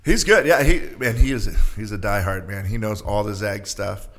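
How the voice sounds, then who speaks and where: A man's voice: lowish voice, moderate pace. A man talking as a podcast guest, chatting casually and telling funny stories with lots of laughter. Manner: animated, laughing storyteller. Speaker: arena announcer as podcast guest. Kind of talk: casual chat.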